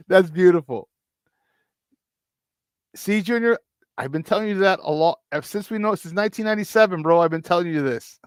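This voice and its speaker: A man's voice: on the high side, smooth, dry recording. A man hosting a casual morning sports talk show, upbeat and chatty, often repeating himself and laughing.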